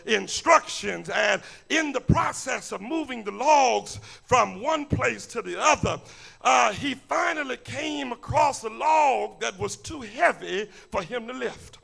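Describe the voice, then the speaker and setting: A man preaching in a very high, gravelly voice with a bright, cutting edge. He shouts his points in an impassioned sermon and often stammers over repeated words as he builds. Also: expressive, unhurried. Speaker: pastor. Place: church.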